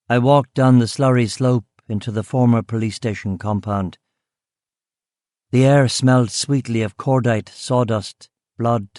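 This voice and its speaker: A man narrates a first-person crime novel in a steady, understated voice of middling pitch. The sound is close and completely dry, with no room around it. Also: dry recording. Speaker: audiobook narrator.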